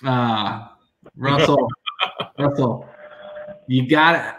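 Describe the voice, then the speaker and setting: A man's voice: medium pitch, very slow, a bit bright, rough recording. Brief: male guest, playful jokey delivery, faint hiss behind. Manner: joking, playful. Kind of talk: casual live-stream chat.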